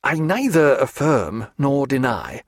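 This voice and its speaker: A man's voice: medium pitch, sing-song, slow, no echo, heavily acted. A man doing a composed, precise naval doctor. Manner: dry, precise, formal.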